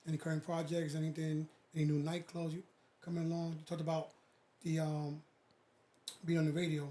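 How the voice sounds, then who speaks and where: A man's voice: fairly high pitch, completely flat delivery, brisk, mellow. A man co-hosting a podcast, asking questions and adding short agreements in casual chat.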